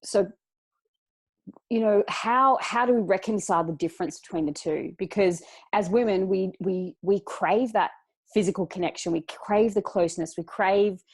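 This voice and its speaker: A woman's voice: mid-range voice, moderate pace, husky. A woman guest on a podcast, talking earnestly and reflectively with frequent restarts. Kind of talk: casual chat.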